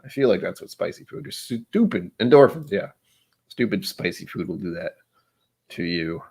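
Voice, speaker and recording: A man with a deep, husky, darkish voice and lively intonation hosts a livestream at normal speed, chatting casually over drinks. He rambles, jokes around and teases himself.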